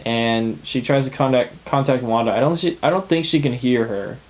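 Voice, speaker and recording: A man's voice: mid-range voice, normal speed, low-quality recording. A young man co-hosting a podcast, chatting casually and laughing often as he recaps a TV episode. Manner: chatty, laughs often, acts out characters' lines. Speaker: podcast co-host.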